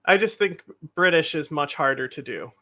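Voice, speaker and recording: A man's voice: fairly high pitch, lively intonation, moderate pace, bright, forceful tone. A man co-hosting a live stream, chatting casually in a rambling, loose way and swearing freely. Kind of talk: casual chat.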